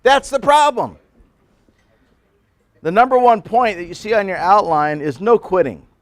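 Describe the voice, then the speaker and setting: Brief: pastor in his sixties, folksy storyteller with jokes, fairly high voice, dry close sound. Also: lively intonation, brisk, no echo. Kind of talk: sermon at a men's breakfast.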